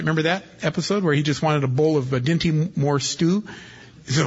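A man's voice: fairly high pitch, a little fast, breathy edge. A male pastor preaching an expository sermon in a folksy, country-preacher manner, reading scripture aloud and then explaining it. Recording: dull lo-fi recording.

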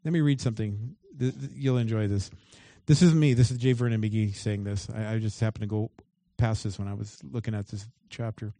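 A man's voice: lowish voice, steady tone, fairly quick, hardly any pauses, dark tone, no room sound. A man preaching a sermon as pastor. He reads scripture aloud and breaks off into emphatic asides.

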